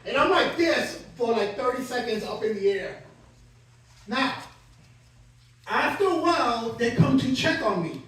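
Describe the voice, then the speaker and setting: A man's voice: extremely high pitch, lively intonation, unhurried, long pauses, fairly bright tone. A man performing stand-up comedy, telling a self-mocking story and acting out the scenes. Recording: echoey room, distant mic.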